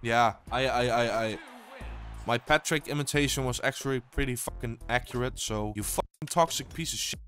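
A young man giving gameplay commentary as a channel host, excitable and swearing constantly as he yells at opponents. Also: mid-range voice, normal speed, faint music behind.

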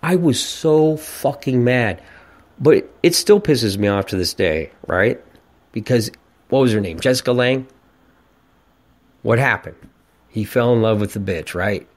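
Brief: man in his 40s, lowish voice, profane ranting podcast host, casual storytelling. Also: expressive, unhurried, long pauses. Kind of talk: casual monologue.

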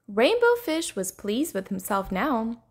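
A woman reads a children's story aloud with a lively, sing-song lilt. Her voice sits a little high and has a soft, breathy texture. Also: measured pace. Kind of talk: children's read-aloud narration.

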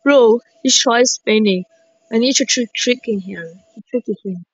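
A woman giving excited gameplay commentary, shrieking exclamations and repeating herself. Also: on the high side, moderate pace, dry recording. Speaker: gaming commentator. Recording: dry, dull lo-fi mic.

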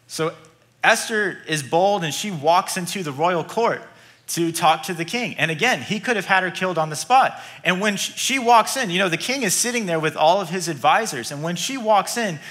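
A male pastor preaching in a church, retelling a story in a lively way with chuckling asides. His voice is high and bright. He moves easily between storytelling and prayer. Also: normal speed. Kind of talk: sermon. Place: church auditorium.

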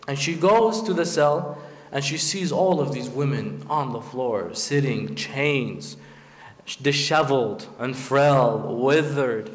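A man's voice: mid-range voice, takes it slowly. A man delivering a Muharram sermon, telling the story dramatically and voicing the figures in it. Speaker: preacher. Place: large prayer hall. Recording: roomy hall echo.

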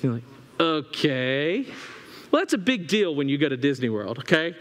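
Male pastor with a high voice, lively comic storytelling, in a big reverberant church hall. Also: fast talker. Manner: animated, humorous storytelling. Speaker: assistant pastor. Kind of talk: sermon. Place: church sanctuary.

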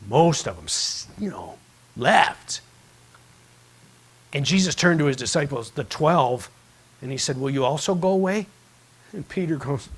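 A man's voice: a little high, a bit bright, breathy edge. A man preaching a sermon in a church, telling a story in a folksy, rambling way with many restarts. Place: church sanctuary.

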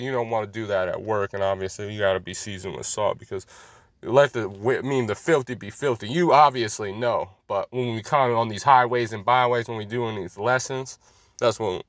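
A man's voice: mid-range voice, no room sound. A man teaching a scripture lesson in a street style, preachy, emphatic and full of profanity.

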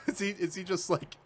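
A man streaming a game, commenting live, swearing often and breaking into panicked yells and laughter at a computer. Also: high voice, background noise. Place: at a computer, keyboard and mouse.

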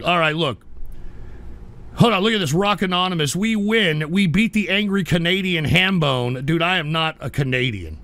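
A man's voice: high voice, sharp tone. A man hosting a live stream, reading chat aloud and ranting at trolls in an exasperated way.

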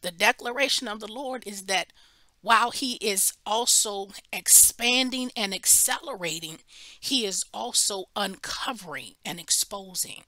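Teaching a Bible study, this woman preacher acts out the characters in an animated story, with emphatic restarts. She speaks unhurriedly in a mid-range voice, recorded with no echo.

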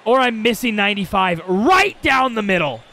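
Young male gaming host, high bright voice with a gravelly edge, exasperated play-by-play aimed at viewers. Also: sing-song, moderate pace. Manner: exasperated, talks to himself and viewers with bursts of frustration. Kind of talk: live gameplay commentary.

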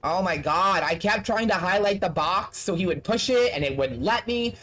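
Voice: mid-range voice, animated, moderate pace, fairly bright tone. A game streamer giving casual live-stream commentary while playing, swearing often and venting frustration at the game. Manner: profane, exasperated running commentary.

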